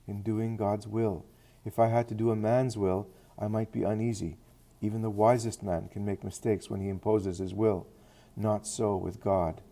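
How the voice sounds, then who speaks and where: A man reading the words of a grieving, devout mother in a quiet, measured way. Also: on the low side, natural voice.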